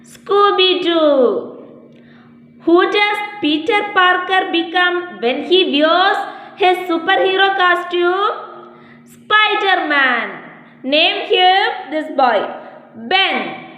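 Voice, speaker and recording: A woman's voice: very high-pitched, animated, drawn-out words, pushed and bright. A woman teacher, giving a lesson to young children, repeating each question and spelling the answers letter by letter. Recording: echoey room with long reverb.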